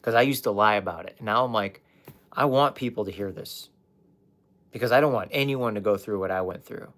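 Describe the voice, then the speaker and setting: A man's voice: on the low side, brisk, fairly bright tone. A young man candidly telling his personal story on a livestream, swearing at times and talking straight to his chat. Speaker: life coach livestreamer.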